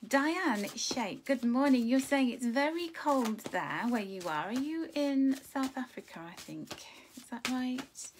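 A woman's voice: high-pitched, expressive, unhurried, slight background noise. A woman hosting a live card-reading stream, chatting to viewers and greeting them fondly with endearments. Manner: chatty, with light laughs. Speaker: angel card reader and host.

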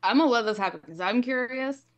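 A woman's voice: a little high, fast talker, no room sound, lo-fi sound. A woman playing a character in a tabletop game, speaking plainly and casually. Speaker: player.

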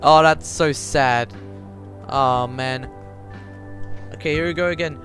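A man playing a voice-controlled game and talking to his viewers in a chatty, confused way, now and then breaking into loud high yells, with his mic held close to his mouth. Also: takes it slowly, clean tone, soft background music. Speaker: gaming YouTuber. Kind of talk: casual let's play commentary. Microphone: handheld mic held close to the mouth.

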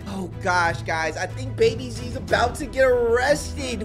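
Woman gaming creator, higher voice, slow unhurried delivery, excited roleplay commentary, faint game music behind. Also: creaky. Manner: animated, exclaiming, reads out and acts chat lines in a dramatic voice. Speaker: gaming YouTuber.

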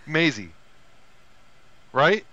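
A man's voice: very slow, dull audio. A man co-hosting a podcast, animatedly retelling a film in casual chat. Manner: animated retelling with high put-on voices for quoted characters. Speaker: podcast co-host.

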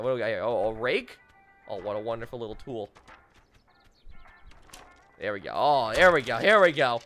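A man's voice: medium pitch, pushed and bright. A young man doing playful gameplay commentary as a let's play host, teasing and mock-dramatic, talking straight to the game characters.

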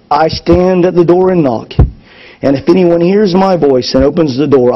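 Husky preacher man, fervent sermon, dull lo-fi church recording. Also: a little high. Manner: passionate preaching, swings from loud to hushed. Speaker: pastor. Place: church service.

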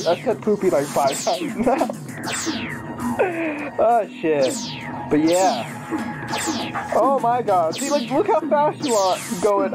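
A woman's voice: medium pitch, very animated, unhurried, pauses often. A woman giving casual let's-play commentary, swearing, laughing and rambling playfully. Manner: profane, giggly, rambling and playful. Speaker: gaming commentator. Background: game music.

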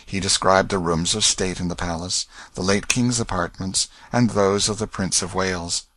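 A man narrates a classic novel at a measured storybook pace. His voice sits on the low side, and the recording is dry with no room sound. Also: fairly even intonation, a bit bright, no echo. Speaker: audiobook narrator. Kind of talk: scripted narration.

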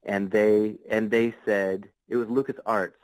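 A man's voice: fairly low pitch, flat delivery, measured pace, a little mellow, dry recording, low-quality recording. A man, a podcast guest, telling a long story in a casual, rambling way, full of fillers and restarts. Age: adult.

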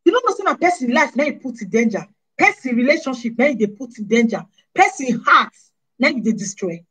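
A woman with a Nigerian Pidgin accent delivers a lively monologue to camera, her voice husky and a little breathy. She scolds her listeners and fires rhetorical questions at them one after another. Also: sits high, a little fast, low-quality recording. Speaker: vlogger.

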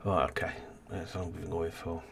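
A man's voice: deep voice, little pitch movement, normal speed, vocal fry, noisy background. A man casually commentating a city-building game as host, rambling and thinking aloud, tired and yawning. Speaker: let's play host.

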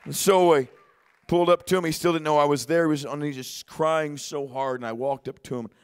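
A man preaching a sermon in a church, telling a personal story and swinging between shouted exhortation and quiet, hushed retelling. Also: fairly high pitch, fairly even intonation, fairly quick, clean tone. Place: church sanctuary.

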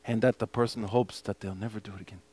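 A man's voice: on the low side, fairly even intonation, quick pace, a little mellow, dry recording. A man teaching a mosque class as imam. He explains a hadith text in English and recites the Arabic passages.

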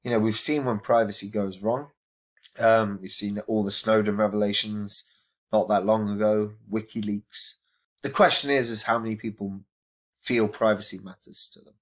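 A man's voice: fairly low pitch, fairly even intonation, normal speed. A man giving a casual crypto review to camera, earnest and emphatic, often repeating his words for stress.

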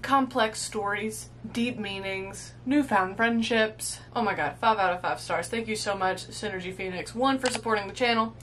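A woman's voice: medium pitch, moderate pace, hardly any pauses, a bit bright, slight background noise. A young woman, hosting a movie reaction video. She gushes emotionally, swears and laughs freely, and sounds teary after a big cry. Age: 20s. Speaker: host.

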